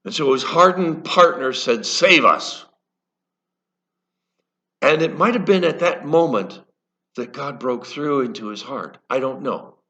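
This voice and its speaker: A man preaching in a church, telling a story earnestly and haltingly, often restarting his sentences. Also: medium pitch, sharp tone, lo-fi sound. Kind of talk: sermon storytelling.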